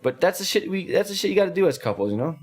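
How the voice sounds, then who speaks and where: Male podcast co-host, casual chat, swearing storyteller, lots of pitch movement. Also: very fast. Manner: profane, animated storytelling.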